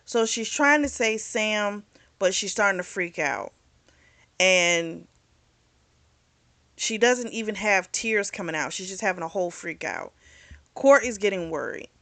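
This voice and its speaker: A woman's voice: medium pitch, a bit bright, no room sound. A woman hosting a casual book review, retelling a novel's plot in a chatty way and acting out the characters' lines.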